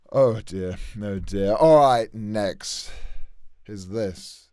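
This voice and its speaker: A man's voice: lowish voice, drawn-out words, mellow, smooth, no room sound, clean studio sound. A man with a Yorkshire accent, chatting comedically between impressions with a self-mocking, apologetic manner and a strained voice. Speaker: impressionist youtuber.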